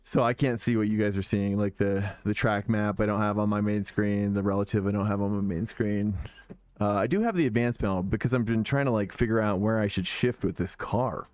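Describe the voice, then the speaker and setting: A man's voice: on the low side, brisk, dry recording. A man streaming sim racing, chatting casually to viewers while he drives, often restarting and correcting himself, with faint music behind. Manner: chatty, self-correcting, excitable. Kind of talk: casual live-stream chat while driving.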